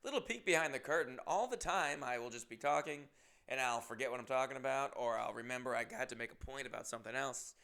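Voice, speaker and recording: A man hosts his podcast with a smooth, resonant voice. He talks to his listeners in a playful, rambling, self-mocking way, joking along as he goes. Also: medium pitch, fast talker, bright, forceful tone. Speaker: podcast host. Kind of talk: casual comedic monologue.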